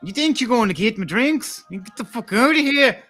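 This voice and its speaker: A man voicing a gruff, foul-mouthed male tavern bartender who barks out loud, angry orders. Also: extremely high pitch, animated, a little fast, soft background music, voice pushed up, heavily acted. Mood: hostile.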